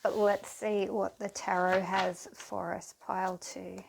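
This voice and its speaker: Slow, gravelly-voiced woman reading tarot. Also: medium pitch, flat delivery, noisy background. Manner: unhurried, soothing, addresses viewers directly. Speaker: tarot card reader. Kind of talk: pick-a-card tarot reading to camera.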